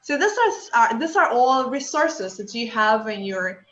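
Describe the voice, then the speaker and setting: A woman's voice: fairly high pitch, very animated, a little slow, a bit bright. A woman whose first language is Spanish, running an online workshop in English and asking the group questions. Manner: encouraging, asks the group questions. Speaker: workshop instructor. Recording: echoey room, dull lo-fi audio.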